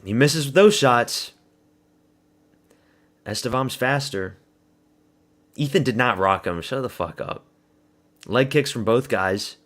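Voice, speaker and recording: A man hosting a live fight watch party stream, calling the action in a loose, chatty way. His voice sits at an ordinary middle pitch, and he swears freely while answering chat. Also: animated, takes it slowly, pauses often, fairly bright tone. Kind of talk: casual live fight commentary.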